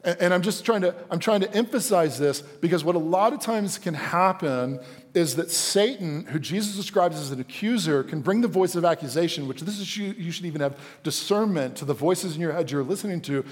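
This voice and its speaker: Higher-voiced male pastor in a hall. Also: fairly quick. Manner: conversational storytelling with acted-out asides. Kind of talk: live sermon. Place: church gathering hall. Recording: long hall reverb.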